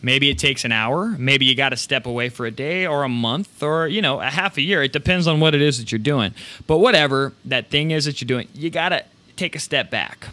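A man hosting a live show, giving casual, energetic motivational talk about running a print business, with rambling restarts and some swearing. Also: mid-range voice, a little fast.

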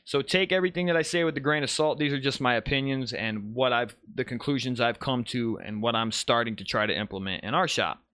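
A man's voice: medium pitch, steady tone, fairly quick, few pauses, pushed and bright, clean tone, no echo. A man hosting a live podcast, talking casually and rambling, correcting himself and greeting chat viewers as he goes. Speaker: podcast host.

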